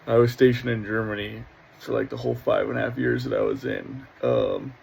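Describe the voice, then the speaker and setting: A man's voice: fairly low pitch, sing-song, brisk, vocal fry, a little mellow, a little hiss or hum, rough recording. A middle-aged man hosting a casual reaction video, talking in a profane, rambling way and laughing often.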